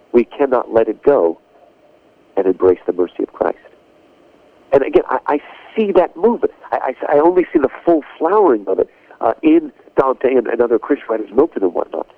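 A man's voice: mid-range voice, sing-song, normal speed, no echo. A man speaking as a guest on a radio interview, explaining ideas in an earnest, emphatic way. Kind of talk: radio interview, lecturing on literature and theology. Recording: phone-line call on radio, dry.

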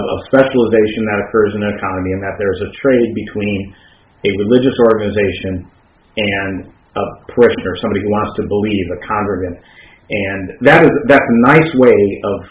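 Man talking through ideas in a roomy space. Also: on the low side. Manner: thoughtful, explanatory, frequent restarts. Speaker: podcast co-host. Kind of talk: casual academic discussion. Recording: roomy, dull lo-fi sound.

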